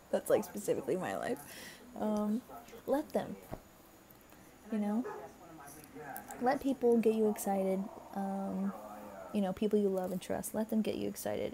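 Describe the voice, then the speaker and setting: A woman's voice: mid-range voice, vocal fry, mellow. A young woman giving a casual, encouraging spiritual card reading, chatty and full of fillers, her voice tired and a little crackly. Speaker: tarot card reader.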